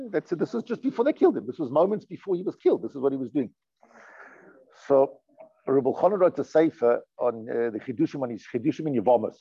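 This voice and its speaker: A man with a medium-pitched, slightly rough voice talks fast and expressively as a rabbi teaching a class, reading and translating Hebrew passages within a storytelling lesson. He is earnest and emphatic, often repeating and restarting his words. The sound is lo-fi with no room sound.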